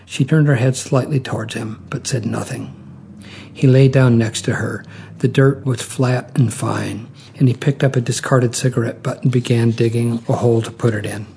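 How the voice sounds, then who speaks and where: Male narrator, reading fiction aloud, calm measured delivery, dark mellow tone, gravelly. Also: medium pitch, a little hiss or hum. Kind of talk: reading a short story aloud.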